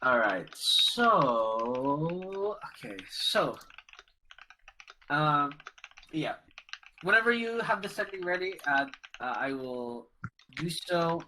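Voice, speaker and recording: Slow, halting game master. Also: mid-range voice, very animated, bright, forceful tone, slight background noise, poor audio. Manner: halting, full of fillers. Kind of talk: narrating a tabletop game.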